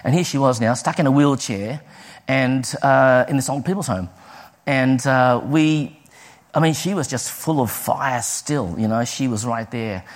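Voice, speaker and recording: A man preaching a sermon, telling personal stories with lively delivery and acting out the people he quotes. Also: medium pitch, measured pace. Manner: lively storytelling, acts out quoted voices.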